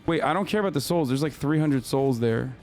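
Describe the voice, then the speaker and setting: A hoarse male streamer talks at a middle pitch into his desk mic. He sounds frustrated and swears a lot, stumbling over and restarting his words as he chats casually with viewers, with faint music low behind him. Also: animated, brisk, a little mellow. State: hoarse from screaming. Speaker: live streamer. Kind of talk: casual gaming stream chat.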